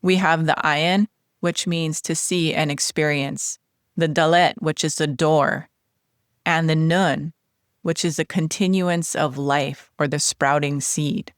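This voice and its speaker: A woman hosting a podcast lesson, sharing a personal testimony in an earnest, animated way. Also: on the low side, no echo, clean studio sound. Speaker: podcast host teaching Hebrew letters.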